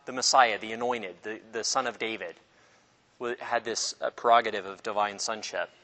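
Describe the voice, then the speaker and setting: A man's voice: lowish voice, steady tone, normal speed, pushed and bright, long reverb tail. A man teaching a casual Bible class, chatty and joking with his students, acting out little voices as he explains.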